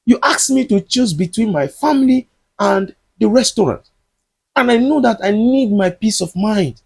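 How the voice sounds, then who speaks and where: A man voicing a hurt wife who is calmly leaving a controlling marriage, in an earnest, reasoning tone, pitched above his usual voice. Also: normal speed, creaky, breathy edge, full character voice. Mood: resolved.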